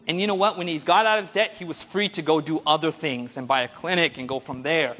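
A man's voice: on the high side, brisk, a little hiss or hum. A man preacher telling stories in a sermon and calling for amens from the congregation. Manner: storytelling, animated, asks audience for amens. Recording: long hall reverb.

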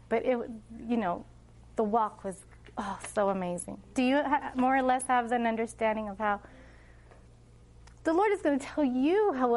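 A woman's voice: on the high side, a little mellow. A middle-aged woman telling stories about raising her children, animatedly acting out what she and they said. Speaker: homeschooling mother giving a talk. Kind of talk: casual storytelling talk.

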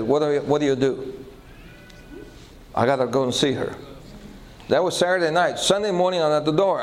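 A man's voice: on the high side, low-quality recording. A male pastor preaching a sermon, telling a story and checking in with the audience through questions. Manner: animated, asks the audience questions.

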